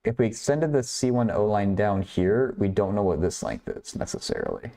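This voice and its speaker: A man's voice: fairly low pitch, big pitch swings, moderate pace, gravelly, warm tone. A man hosting a math livestream, working through problems aloud while chatting with viewers and laughing often. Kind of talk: casual livestream problem-solving.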